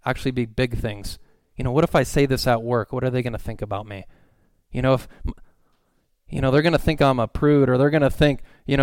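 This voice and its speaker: A man's voice: medium pitch, darkish tone, clean tone, dry recording. A man preaching a sermon in a conversational way, asking his listeners questions.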